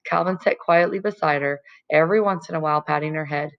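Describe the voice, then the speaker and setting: A woman's voice: low-pitched, quick pace, clear, resonant tone, lo-fi sound. Woman reading a children's novel aloud. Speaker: audiobook reader. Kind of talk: scripted narration.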